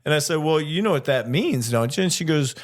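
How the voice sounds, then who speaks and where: A man's voice: fairly high pitch, lively intonation, fairly quick. An older man co-hosting a casual chat as a flight attendant, telling stories, laughing often and swearing casually. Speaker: podcast co-host, flight attendant.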